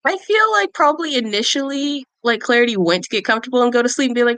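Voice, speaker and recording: A woman playing a character in a tabletop game, talking in a lively, playful way and laughing often. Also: on the high side, fast, dry recording. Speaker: player.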